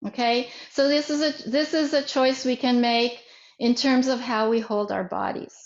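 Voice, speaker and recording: A woman teaching a self-defense workshop, speaking deliberately with frequent repeats and restarts. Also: a little high, fairly even intonation. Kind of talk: workshop instruction. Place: online workshop. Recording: echoey, muffled room recording.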